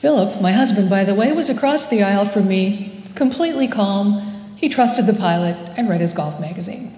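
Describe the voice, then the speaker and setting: Woman pastor, gentle humorous sermon delivery, warm and unhurried, roomy church sound. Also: mid-range voice, lively intonation. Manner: slow, measured storytelling with gentle humor. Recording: echoey hall with long reverb.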